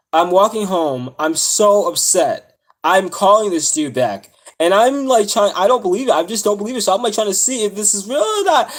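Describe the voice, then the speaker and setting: A young man on a live stream telling a personal story, upset and close to tears, rambling with many fillers and restarts. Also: on the high side. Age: young adult. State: near tears.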